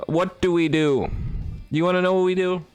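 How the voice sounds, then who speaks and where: A man playing a text adventure game, reading its lines aloud and adding wry, deadpan comments on a close mic. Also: sits high, normal speed, soft background music. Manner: wry, deadpan, bursts into laughter. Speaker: gaming YouTuber.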